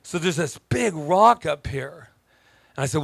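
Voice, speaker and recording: A man preaching a casual sermon as pastor, telling stories in an animated, joking way. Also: fairly high pitch, unhurried, creaky, no echo. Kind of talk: conversational sermon.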